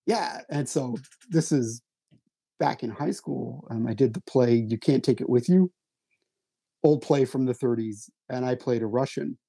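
Guest writer-actor, man; husky, dry-sounding voice, self-deprecating storyteller. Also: medium pitch, measured pace, warm tone, dry recording. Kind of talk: casual conversation, storytelling.

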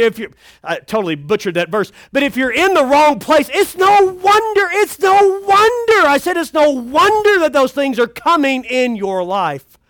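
A man's voice: very high voice, a bit bright, no room sound. A middle-aged man, a pastor, telling funny family stories in a folksy camp sermon. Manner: folksy and humorous, acting out a child's cries.

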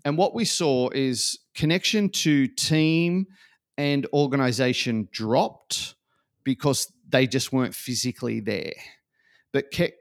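A man, a podcast guest chatting casually and acting out quotes as he tells stories. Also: mid-range voice. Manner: animated storyteller acting out quotes.

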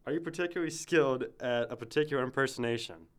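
A man's voice: medium pitch, quick pace. Teasing young man hosting a chat. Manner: teasing, deadpan. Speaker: host asking questions. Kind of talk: casual question-and-answer chat.

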